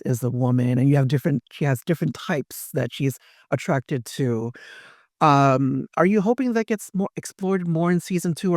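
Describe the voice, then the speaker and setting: A man's voice: fairly high pitch, a little mellow, no echo, clean studio sound. A man hosting an entertainment interview, enthusiastic and effusive in his questions. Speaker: interviewer host. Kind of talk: casual interview.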